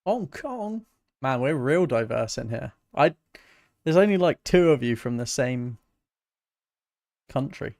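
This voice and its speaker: A man's voice: medium pitch, a little slow, gravelly, long pauses, dry recording, studio quality. Laid-back British man chatting on stream. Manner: relaxed, greets chat viewers, self-mocking. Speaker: music producer hosting a livestream. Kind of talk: casual livestream chat.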